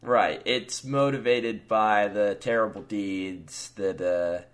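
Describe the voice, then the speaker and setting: Slow-talking relaxed man. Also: on the low side. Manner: laid-back, chuckling, many fillers. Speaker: podcast host. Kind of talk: casual chat and story reading.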